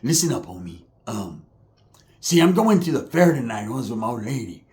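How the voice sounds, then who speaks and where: A man voicing a huge, older street bully who drawls slangy demands in a low, menacing way. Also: sing-song, moderate pace, darkish tone, natural voice.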